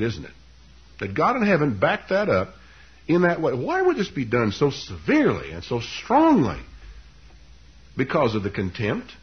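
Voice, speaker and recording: A man preaching a sermon, telling a scripture story with lively, dramatic delivery. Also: slightly rough, highs cut off. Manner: animated storytelling, leaps up in pitch for quoted lines.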